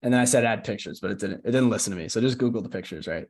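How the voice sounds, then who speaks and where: A man's voice: mid-range voice, racing, hardly any pauses. A young man casually walking a group call through a screen-share tutorial, often checking in with "right?". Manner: casual, chatty, keeps asking "right?". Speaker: social media coach.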